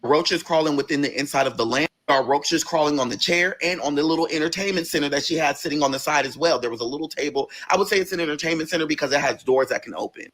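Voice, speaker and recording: A man hosting a storytime vlog, his voice sitting on the high side. He tells the story with emphatic, profane energy and jumps into other people's lines as he goes. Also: fast talker, hardly any pauses, a bit bright. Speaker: vlog host.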